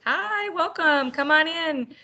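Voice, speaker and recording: A woman with a bright, forward tone and a slightly high voice welcomes people on a video call. She hosts an online teacher roundtable and keeps things upbeat and chatty, laughing often. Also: lively intonation, slow, muffled recording, a little hiss or hum. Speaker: webinar host.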